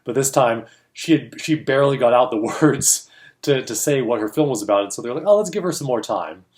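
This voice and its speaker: Man, casual storyteller, mid-pitched voice, plays out quoted voices, laughs a lot. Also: animated, brisk, darkish tone. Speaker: co-host of a film industry show.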